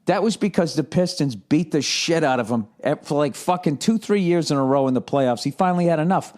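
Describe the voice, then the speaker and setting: Profane, animated man ranting solo. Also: fairly high pitch, fairly quick. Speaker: comedian and podcast host. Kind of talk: casual rant.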